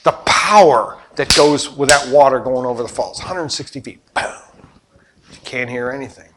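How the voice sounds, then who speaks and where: A man preaching a sermon with animated storytelling, swinging between loud bursts and hushed asides. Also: medium pitch, normal speed, slight background noise. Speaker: pastor.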